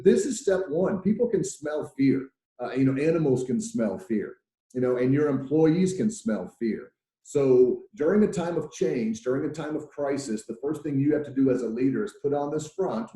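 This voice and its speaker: Chatty man in an echoey room. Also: mid-range voice. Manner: lively and chatty, acts out quoted voices. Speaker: workplace trainer. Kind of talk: webinar presentation.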